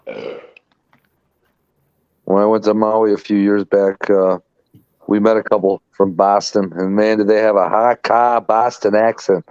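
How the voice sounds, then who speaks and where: A man's voice: lowish voice, fairly even intonation, measured pace, pauses often, a little mellow, clean tone, no echo. A man hosting a livestream, chatting casually and asking laid-back questions. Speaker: livestream host. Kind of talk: casual chat. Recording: dry, dull lo-fi mic.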